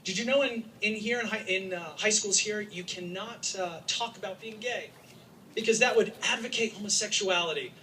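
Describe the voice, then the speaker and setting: High-voiced guy fired up at a rally, cracking jokes, bright tone, mic kinda far off. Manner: impassioned, joking, sometimes shouting. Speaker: activist speaking at a rally. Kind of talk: public speech to a crowd. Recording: distant mic with faint background noise.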